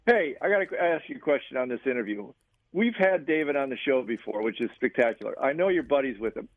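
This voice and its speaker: A man's voice: mid-range voice, fast, dry recording. Male co-host on a tinny phone line. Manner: relaxed, searches for words, asks questions. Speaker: radio show co-host. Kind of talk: casual radio show chat.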